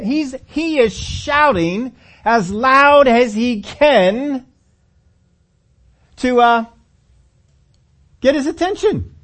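A man's voice: very high voice, animated, drawn-out words, long pauses, fairly bright tone. A man preaching a sermon in a conversational way, acting out lines of scripture dialogue as he tells the story.

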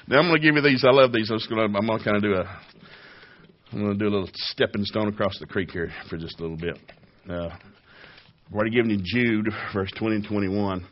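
A man delivers a sermon in a low, husky voice, full of rhetorical questions and chuckles. He acts out little back-and-forth dialogues as he preaches. The sound is dull and lo-fi, like an old radio broadcast. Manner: plays out little dialogues, raising his voice for the voices of others.

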